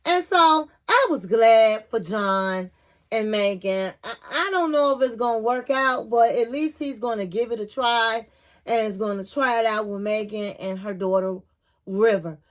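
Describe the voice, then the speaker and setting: A woman's voice: fairly high pitch, unhurried. A woman hosting a casual TV recap, animatedly retelling scenes and acting out what people said, with opinionated asides. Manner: animated storyteller, acts out quotes, opinionated asides. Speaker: reality TV recap host.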